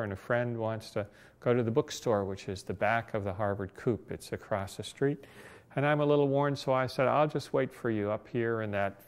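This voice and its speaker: A man's voice: lowish voice, clean tone. A man in his sixties, a disability rights advocate, telling personal anecdotes in an oral history interview with a wry, reflective humor.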